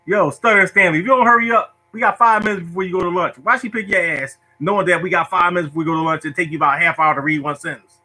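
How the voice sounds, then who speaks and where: A man's voice: high voice, very fast, few pauses, pushed and bright, soft background music, pitched above the performer's own voice, full character voice. A man voicing a bunch of mocking schoolkids with a taunting, sing-song manner. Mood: impatient. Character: jeering schoolkids, loud and mocking.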